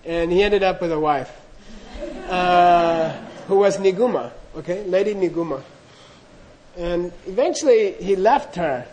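Casual male dharma teacher, high-ish voice, chatty asides. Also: measured pace, a little mellow, low-quality recording. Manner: chatty, full of "you know" asides, laughing. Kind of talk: storytelling talk.

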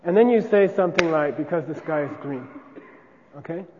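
A man's voice: fairly high pitch, a little fast, in a large hall, highs cut off, noisy background. A man teaching a class casually, often checking with "okay?" and demonstrating chants aloud.

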